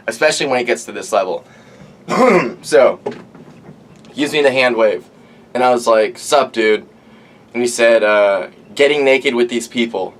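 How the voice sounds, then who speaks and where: Rambling, profane young man telling stories. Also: on the low side. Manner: rambling, profane, animated, lots of "like". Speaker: podcast host. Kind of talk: casual storytelling monologue. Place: outdoors.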